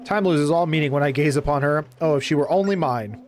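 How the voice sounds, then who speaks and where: A man's voice: fairly high pitch, quick pace, a little mellow. A man casually commenting while he plays a game, reading its dialogue aloud and cracking sarcastic jokes. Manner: jokey, sarcastic asides, reads game dialogue in a mock-serious voice. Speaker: streamer playing a game. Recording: faint background game music.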